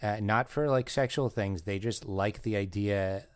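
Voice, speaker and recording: Low-voiced laid-back podcast man. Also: measured pace, smooth, no echo, studio quality. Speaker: podcast co-host. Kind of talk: casual comedic banter.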